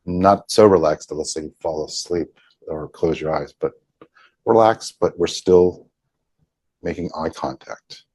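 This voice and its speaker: Deep-voiced guy leading a healing session on a video call, slow and deliberate, dry close sound. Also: husky, no echo. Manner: slow, deliberate, repeats phrases softly. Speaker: healer leading a group session. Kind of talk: guided healing session with affirmations.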